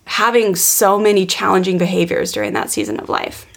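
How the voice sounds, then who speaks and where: A woman podcast co-host telling a personal parenting story in an earnest, animated way, with many restarts and fillers. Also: mid-range voice, a little fast, creaky. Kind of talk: personal storytelling in casual chat.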